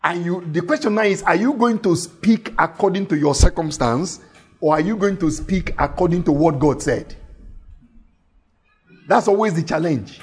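A man preaching a sermon, reading scripture slowly and emphatically, repeating phrases and asking his listeners questions. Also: high voice, expressive, husky. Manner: reads scripture slowly and deliberately.

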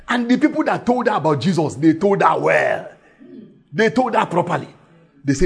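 A man preaching a sermon, fervent and shouting at times, telling stories and calling out to the crowd. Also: high voice, very animated, moderate pace, creaky, slightly rough. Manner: fervent, shouting, storytelling with call-outs.

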